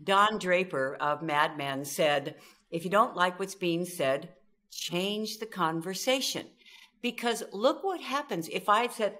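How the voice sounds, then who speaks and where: A woman's voice: medium pitch, measured pace. A middle-aged woman from Southern California, a communication expert giving an interview, telling stories and acting out quoted voices. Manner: animated, acts out quoted voices. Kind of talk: storytelling interview talk.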